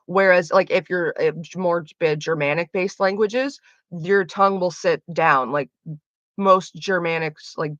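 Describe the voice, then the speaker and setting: A woman's voice: fairly low pitch, fairly bright tone, no echo. A young woman chatting casually on a livestream, rambling with lots of fillers, restarts and casual swearing. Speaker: streamer. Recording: dull lo-fi dry sound.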